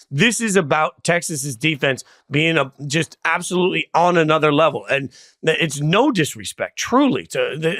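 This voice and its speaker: A man's voice: a little high, fairly bright tone, dry recording, studio quality. A man co-hosting a sports show, debating emphatically and repeating phrases as he makes his points.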